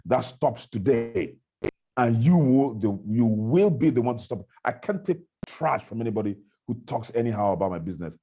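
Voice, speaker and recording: A man's voice: medium pitch, expressive, moderate pace, mellow, muffled recording. A man on a video call, giving a fiery, repetitive motivational talk to his team about his business. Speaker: network marketing trainer.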